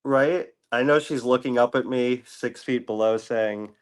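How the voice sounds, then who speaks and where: A man's voice: mid-range voice, measured pace, clear, resonant tone. A man talking as a guest in a casual podcast chat, joking and laid-back, laughing often.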